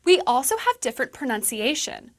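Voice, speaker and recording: Woman doing a chirpy english teacher in a lesson video, high voice that bounces all over, slow clear explaining. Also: big pitch swings, exaggerated voice. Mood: cheerful. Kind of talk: scripted educational dialogue.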